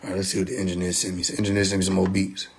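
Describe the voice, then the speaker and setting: A man's voice: sits low, monotone, rapid-fire. A man on a live stream singing gospel lines unaccompanied and making offhand remarks.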